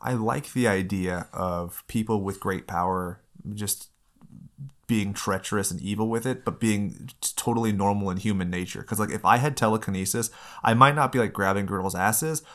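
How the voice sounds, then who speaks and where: A man in his thirties talking casually and profanely about a film, with animated jokes. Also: lowish voice, moderate pace. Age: 30s.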